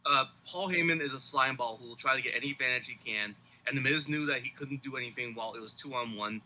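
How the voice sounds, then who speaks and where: Forceful, sharp-voiced male co-host. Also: mid-range voice, fast talker, rough recording. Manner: argumentative, interjecting. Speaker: podcast co-host. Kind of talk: casual chat.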